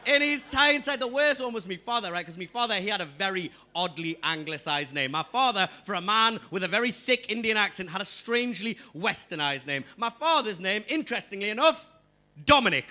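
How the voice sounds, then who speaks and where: A man's voice: high-pitched, lively intonation, fairly quick, bright, forceful tone. A young Englishman with a Geordie accent doing a live stand-up set. He chats straight to the audience and punches up his lines. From England. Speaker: stand-up comedian.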